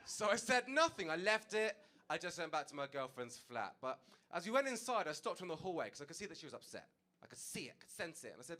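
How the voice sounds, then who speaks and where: A young man doing a stand-up comedy set on stage, telling a story with animated delivery and acted-out dialogue. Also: a little high, quick pace. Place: comedy stage before an audience.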